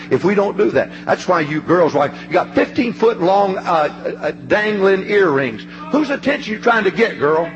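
A man preaching a fervent sermon. He swings between ringing shouts and low, hushed passages. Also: big pitch swings, normal speed, hardly any pauses, lo-fi sound, a little hiss or hum.

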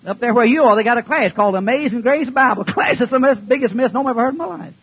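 Folksy older preacher, husky and high. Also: male voice, rapid-fire, muffled recording. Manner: folksy, joking, swings from shouting to low mutter. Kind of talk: sermon.

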